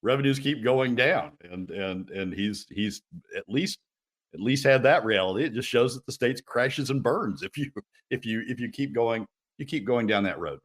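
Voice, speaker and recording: A man's voice: medium pitch, expressive, normal speed. A man speaking as a regular guest commentator on a radio talk show, emphatic and exasperated, often restarting his sentences.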